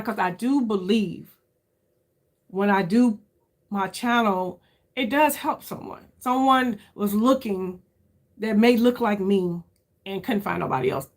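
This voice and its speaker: Animated and at a moderate pace, a beauty creator in her fifties speaks straight to her viewers in a frank, exploratory, casual way. She keeps addressing them as "y'all" and raises her pitch for emphasis.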